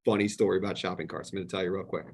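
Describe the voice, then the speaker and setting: Husky man telling animated stories. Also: low voice, racing. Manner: animated storyteller, acts out quoted exchanges. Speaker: podcast guest. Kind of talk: casual storytelling chat.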